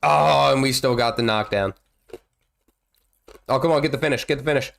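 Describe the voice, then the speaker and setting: A man's voice: mid-range voice, normal speed, creaky, a bit bright. A man in his thirties, congested with a cold, rambling casually as he streams a game and reacts to it. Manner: rambling, chatty, exclaims at the game. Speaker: gaming streamer. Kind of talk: casual live gameplay commentary.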